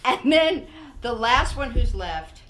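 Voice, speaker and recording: A woman's voice: a little high, takes it slowly. An older woman hosting a podcast, chatting casually and acting out what people said, with frequent laughter. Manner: animated storyteller, acts out quotes, laughs often. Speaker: podcast host. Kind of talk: casual chat.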